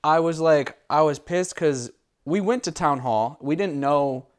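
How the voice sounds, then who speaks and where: A man's voice: fairly high pitch, measured pace, smooth. A young man hosting a casual chat, teasing, laughing often and arguing playfully. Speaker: host.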